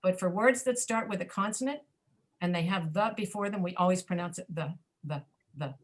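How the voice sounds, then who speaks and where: American woman teaching pronunciation patiently. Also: fairly low pitch. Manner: patient, repeats words slowly to model stress. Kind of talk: online English class teaching.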